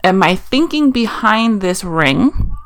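A woman chats casually on a podcast, spinning a personal story full of "like" and "you know." Her voice has a gravelly fry and sits at a middle pitch. The recording is dry and close. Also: sing-song, takes it slowly, no room sound. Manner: chatty storytelling, frequent "like" fillers. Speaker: podcast co-host. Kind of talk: casual chat.

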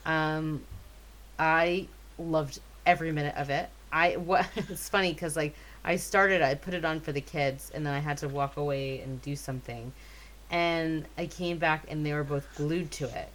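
A woman's voice: low voice, fairly even intonation, moderate pace, a bit bright. A woman in her thirties chatting as a podcast co-host, enthusiastic and full of fillers. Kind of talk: casual chat.

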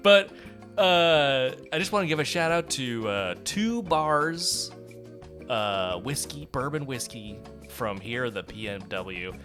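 Male podcast co-host, casual chat, animated and bright, rambles and laughs at himself. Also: medium pitch, unhurried, faint music behind. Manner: laughing, rambling, self-mocking.

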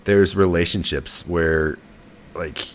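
Deep-voiced man chatting casually. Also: slow pace. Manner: conversational, trails off and restarts. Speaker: podcast co-host. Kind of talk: casual gaming news chat.

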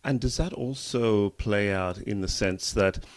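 A man's voice: lowish voice, unhurried. A man hosting an interview who asks thoughtful questions and repeats words as he forms them. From Ireland. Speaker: interviewer host.

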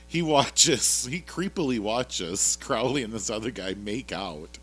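Brief: male podcast co-host, deep and animated, rambling and joking. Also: measured pace, breathy edge. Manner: rambling, jokey, with frequent fillers and laughs. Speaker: podcast co-host recapping a TV episode. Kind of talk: casual chat.

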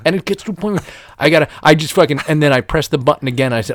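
A middle-aged man telling stories in casual chat, profane and animated, ranting in exaggerated voices. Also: a little high, rapid-fire, dry recording, clean studio sound.

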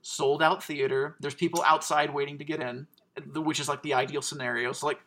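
A man telling a long personal story in casual chat, animated and acting out what others said. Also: a little high, fairly quick. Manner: animated storyteller, acts out quotes. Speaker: storytelling guest.

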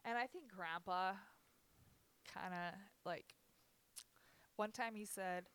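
A woman's voice: mid-range voice, takes it slowly, pauses often, fairly bright tone, smooth. A woman in her thirties speaking candidly and emotionally in a conversation, sighing between confessions. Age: 30s.

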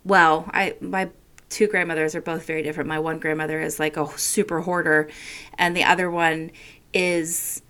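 A woman's voice: sits low, flat delivery, moderate pace, a bit bright, clean tone. A middle-aged woman telling rambling, frank family stories in a casual chat. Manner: rambling storyteller, frank and laughing.

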